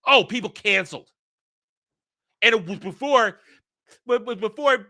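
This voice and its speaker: A man's voice: high voice, expressive, normal speed, pushed and bright. A male host giving a heated, profane rant as he reads an article and tears it apart, repeating his points. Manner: heated, profane, repetitive rebuttals. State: hiccups. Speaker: host and commentator. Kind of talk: reaction rant, reading and rebutting an article.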